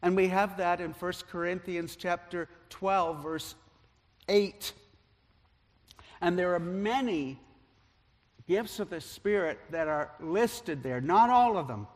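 A male pastor delivers a storytelling sermon in a somewhat high voice, growing loud at the dramatic points and dropping soft at the tender ones. His words ring out with the long reverb of a large church sanctuary. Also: slow pace, long pauses. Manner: animated storyteller, loudness rising and falling with the story.

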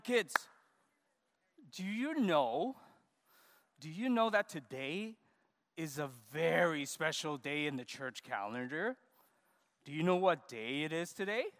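A man leading a church service as pastor, giving a lively children's sermon and coaxing the kids to come forward. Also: fairly high pitch. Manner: animated, coaxing, talks to kids. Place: church sanctuary.

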